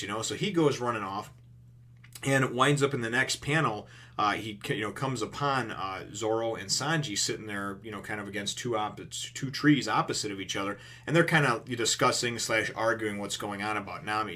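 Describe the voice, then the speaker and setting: A man's voice: fairly low pitch, brisk, fairly bright tone. A man casually recapping a comic chapter, rambling and filling his talk with "you know". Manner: rambling, filler-heavy, with many "you know"s. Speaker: manga reviewer.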